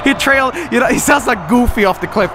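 A man giving casual, sarcastic gameplay commentary as a streamer, excitable and full of swearing and laughter. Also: very high-pitched, brisk, over loud music. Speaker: game streamer.

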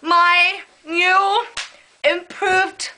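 A teenage girl clowns through a homemade video, slowly hamming up fake accents with a very high voice. Her tone is bright and sharp, and she keeps breaking into giggles as she goes. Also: little pitch movement, a little hiss or hum. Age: teens. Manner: silly, giggly, mock-posh. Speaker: amateur video host.

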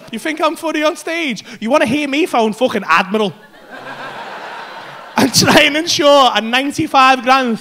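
A comedian with a notably high voice tells a sweary, animated story from a club stage. Faint ambience hums behind his handheld mic. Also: a little hiss or hum. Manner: sweary, animated anecdote-telling. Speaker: stand-up comedian.

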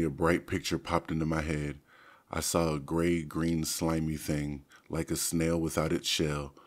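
Male audiobook narrator, low voice, steady first-person reading.

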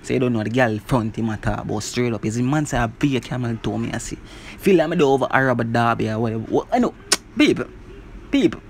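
A man casually reviewing a song, talking in an animated way and filling his lines with "bro" and "you see me". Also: medium pitch, fast, gravelly, a little hiss or hum. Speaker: music reviewer.

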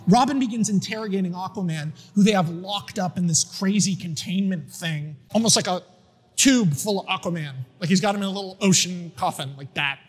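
A man casually pitching a story out loud, excitable and profane. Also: brisk, husky, big-room sound.

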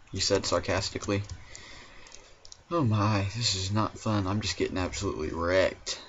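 Male gamer, deep-ish voice, exasperated complainer; dull lo-fi home mic. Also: fairly even intonation, normal speed, a bit bright, a little hiss or hum. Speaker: gaming commentator. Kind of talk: let's play commentary.

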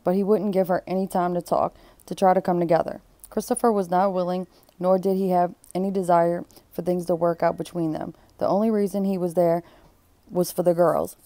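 A woman's voice: on the low side, mellow, no echo. A woman reading a book aloud and breaking off for blunt, exclaiming comments. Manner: blunt, exclaiming asides between read passages.

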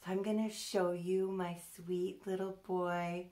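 A woman's voice: lowish voice, level tone, measured pace, hardly any pauses, warm tone. A young adult woman chatting in a casual box-opening vlog, gushing and cooing over a new doll. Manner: gushing, coos and squeals. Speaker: vlogger.

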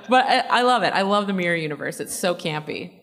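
A woman's voice: on the low side, lively intonation, fast, fairly bright tone. A woman answering fan questions at a convention panel, chatty and laughing often, with many fillers. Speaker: panel guest and actor. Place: large convention hall. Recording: long reverb of a convention hall.

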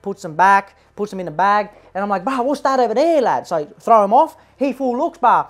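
A woman's voice: medium pitch, sing-song, brisk. A woman playing a brash young male eshay with an Australian accent, slangy and boastful, tagging every line with "bruh" and "lad", in a comic parody vlog. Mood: cocky. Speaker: comedy parody host.

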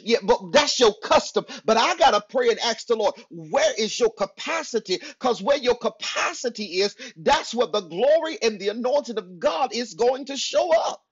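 A male preacher with a high, husky voice delivers an emphatic sermon, repeating his points and calling out to the congregation. He swings between loud bursts and quiet asides. The sound is dull and lo-fi, like a church livestream. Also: animated, moderate pace. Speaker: pastor. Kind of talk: energetic sermon to an online congregation.

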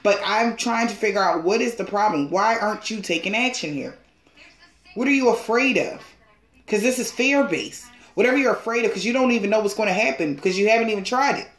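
Role: tarot reader. Style: casual reading to viewers. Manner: emphatic, pushy, laughs often, swears casually. Pitch: middle. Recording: roomy echo. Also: lively intonation, fairly quick, fairly bright tone.

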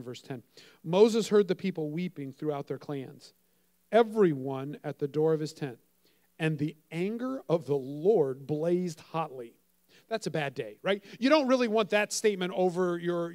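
A man preaching a sermon, telling a story with dramatic swings between loud and soft and acting out the voices he quotes. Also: fairly high pitch. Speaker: pastor.

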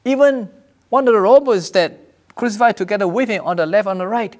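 A man's voice: high voice, brisk, a little mellow. A man preaching a sermon as pastor, earnest, repeating and restarting phrases, raising his voice for quoted cries. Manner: raises voice when quoting cries from scripture.

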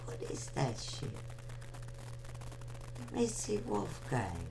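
A woman's voice: low voice, wildly swooping pitch, slow pace, gravelly, noisy background. A young woman hosting an online radio show, rambling casually and teasing her listeners as she talks with them. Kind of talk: casual live chat with listeners.

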